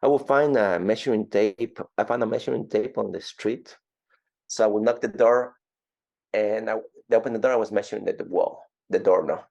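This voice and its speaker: A man in his fifties from Ecuador with an Ecuadorian Spanish accent, telling his story as an interview guest in an animated way, often repeating words. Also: fairly low pitch, brisk, vocal fry, muffled recording.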